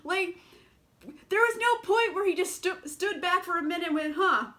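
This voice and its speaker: A young adult woman casually reviewing books on her vlog, chatty and sarcastic, full of fillers and quick laughs. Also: very high voice, fairly bright tone. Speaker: book vlogger.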